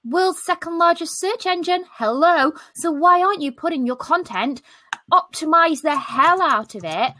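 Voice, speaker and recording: A woman's voice: extremely high pitch, animated, normal speed, bright, forceful tone, slight background noise. A British woman hosting a live stream on a video call, in casual, jokey chat with mild swearing.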